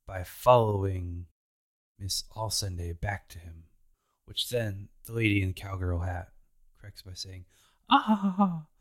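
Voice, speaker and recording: A man's voice: low voice, fairly bright tone. A man casually retelling anime episodes as a podcast host, laid-back and playful. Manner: slow, laid-back retelling with playful put-on character voices. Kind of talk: casual recap chat.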